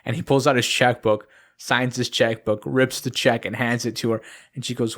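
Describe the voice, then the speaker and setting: A man's voice: medium pitch, flat delivery, normal speed, a bit bright. Young man telling a funny story. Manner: storytelling, acts out dialogue, laughs along. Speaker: podcast co-host. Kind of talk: casual chat.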